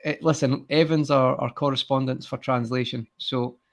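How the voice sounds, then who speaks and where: Gravelly-voiced man in casual chat. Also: medium pitch, steady tone, normal speed. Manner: hesitant, repeats words and restarts. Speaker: live stream co-host. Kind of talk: casual live stream chat.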